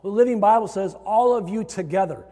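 A high-pitched, dark-toned man from Iowa preaches fairly quickly to his congregation, hitting phrases harder as his voice lifts. He is a pastor speaking in a church sanctuary, recorded with hall reverb.

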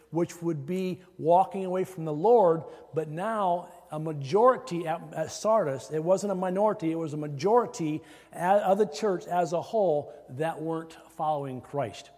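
A man's voice: on the high side, mellow. Man preaching in a reverberant hall. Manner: conversational preaching with fillers and restarts. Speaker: pastor. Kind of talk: sermon.

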